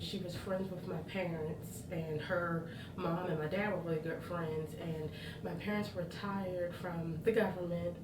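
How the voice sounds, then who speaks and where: Woman telling family history for a doc, lowish voice, echoey room, mic far off. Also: noisy background. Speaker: Kenny's godmother. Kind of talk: documentary interview.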